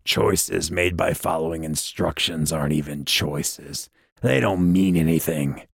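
A man voicing a whip-thin, scowling, bitter man who sneers and strains close to a shout. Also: very deep voice, measured pace, creaky, breathy edge, no room sound, heavily acted. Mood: bitter, sneering.

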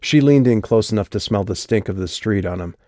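A male audiobook narrator with a low voice and a steady, measured delivery. The recording is dry and close, with no room around it. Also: no echo. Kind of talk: scripted narration.

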